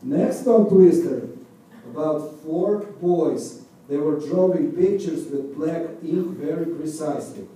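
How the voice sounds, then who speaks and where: A man from Russia with a Russian accent, whose first language is Russian, talks with light humor to a live audience as a balalaika musician, reciting tongue twisters slowly and carefully. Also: on the high side, warm tone, distant mic. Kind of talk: live talk to an audience between songs. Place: large echoey university room. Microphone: far room microphone. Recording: echoey room recorded from afar with faint noise.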